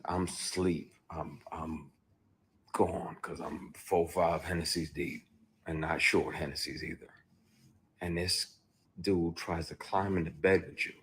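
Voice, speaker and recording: A man, an actor, telling a personal story in a candid livestream monologue, emphatic and heated with sudden loud outbursts, speaking into a phone. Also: low voice, steady tone, takes it slowly, a little hiss or hum. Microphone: phone on a live stream.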